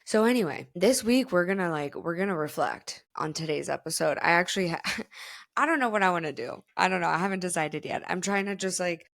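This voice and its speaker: This is a woman from South Florida, just shy of thirty, chatting alone on her podcast. Her voice sits a little low, and she talks in a loose, candid, profane way, peppered with likes and you-knows. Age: late 20s. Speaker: podcast host. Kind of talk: casual solo podcast chat.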